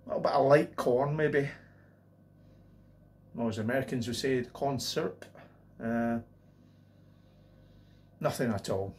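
A man's voice: mid-range voice, a little slow, long pauses, a little mellow. A man casually reviewing a cheap lager, rambling on with jokey asides and running gags. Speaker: beer reviewer. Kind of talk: casual beer review vlog.

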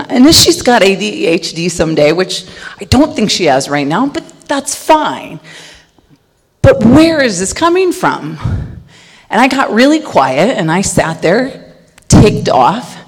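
A middle-aged woman gives a conference talk in a loud, storytelling manner. Her pitch leaps up and down with lively energy. Her voice carries into the long echo of a large hall. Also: slightly rough. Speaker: conference speaker.

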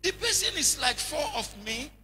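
A man preaching a sermon in an animated, humorous way, full of rhetorical questions and anecdotes. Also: very high voice, normal speed. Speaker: bishop, preacher.

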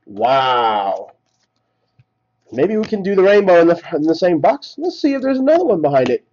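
A man hosting a live card break, calling out each card and getting excited over big pulls. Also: a little high, normal speed, lo-fi sound. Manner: rattles off names, excited at big hits. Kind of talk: live card-opening commentary.

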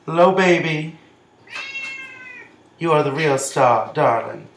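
A man's voice: a little high, animated, slow, echoey room, a little hiss or hum. An American man making dry jokes while cooking with friends in a home kitchen. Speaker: home cook among friends. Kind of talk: joking casual chat while cooking.

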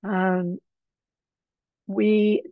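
A woman's voice: medium pitch, flat delivery, drawn-out words, no echo. A woman, a guest in an interview, thinking aloud in a frank, easygoing way. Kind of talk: casual conversational interview. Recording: dry, slightly dull lo-fi sound.

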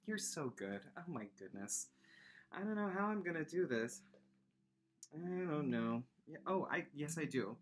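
A woman's voice: deep voice, animated, measured pace, a little hiss or hum. A woman music teacher giving a playful online lesson to young children, teasing them and chanting rhythm syllables.

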